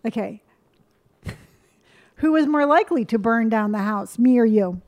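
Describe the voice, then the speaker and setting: Chatty young woman, fairly high voice. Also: animated, unhurried, a little mellow. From San Diego, California. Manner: chatty, laughs often, tells anecdotes. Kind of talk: casual chat playing a question card game.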